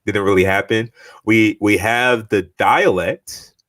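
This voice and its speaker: Young man, low voice, dry close sound, relaxed podcast talk. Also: takes it slowly, no echo, distant mic. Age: young adult. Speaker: podcast co-host. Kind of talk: casual chat.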